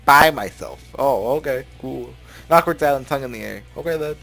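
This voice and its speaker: Guy reading a visual novel out loud, chatty, keeps tripping on words, game music faint behind. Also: mid-range voice, fairly quick, gravelly. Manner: chatty, laughs often, stumbles over words. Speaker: let's play host. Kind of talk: reading a visual novel aloud with casual asides. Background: game music playing.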